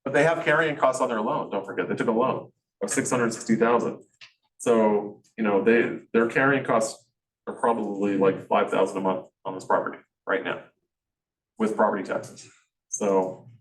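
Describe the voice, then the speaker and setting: A man's voice: lowish voice, steady tone, normal speed, roomy sound, far from the mic, poor audio. A man teaching a real estate class, thinking aloud and explaining calculations step by step with frequent restarts. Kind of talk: teaching a class, walking through numbers live.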